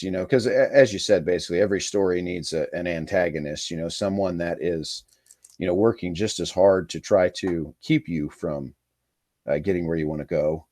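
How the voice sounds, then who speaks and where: A man who coaches high school football, talking in a rambling, easygoing way with lots of fillers and restarts. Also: darkish tone, no room sound. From Kansas. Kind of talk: casual podcast interview.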